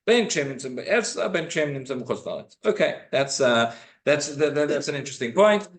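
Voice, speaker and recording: A rabbi giving an informal class in a synagogue, explaining texts and reading Hebrew quotations aloud. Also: male voice, on the high side, expressive, normal speed. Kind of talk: informal Torah class lecture.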